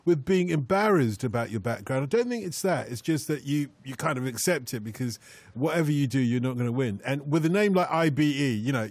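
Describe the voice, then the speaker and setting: A man's voice: on the high side, dry recording. A man hosting a radio phone-in, chatty and laughing easily as he talks over his guests. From grew up in Britain. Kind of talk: casual radio phone-in chat. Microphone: studio microphone.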